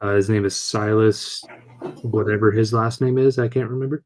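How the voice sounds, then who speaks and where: A man playing a tabletop game, making offhand remarks to the group. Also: fairly low pitch. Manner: slow, flat, offhand. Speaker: player. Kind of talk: casual tabletop play.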